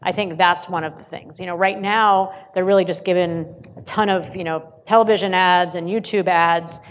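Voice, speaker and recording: A woman speaking as a panelist on research findings, thoughtful and measured, building on the others' points. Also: lowish voice, steady tone, a little hiss or hum. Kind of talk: panel discussion. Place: hotel ballroom.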